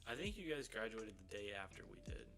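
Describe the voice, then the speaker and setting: A young man co-hosting a podcast, chatting easily and asking quick follow-up questions. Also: on the low side, very animated, over music. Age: young adult. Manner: easygoing, asks short follow-up questions. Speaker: podcast co-host. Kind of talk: casual chat.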